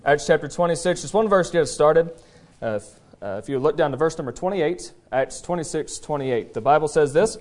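Easygoing pastor with a raised voice. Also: male voice, a little high, lively intonation. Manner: folksy, conversational preaching with frequent "uh" pauses; tells a joke story then presses the point earnestly. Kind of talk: sermon. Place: church service.

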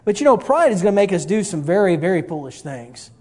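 A man's voice: high voice, very animated, fast, dark tone. A middle-aged man, telling a folksy, self-mocking personal story with a moral.

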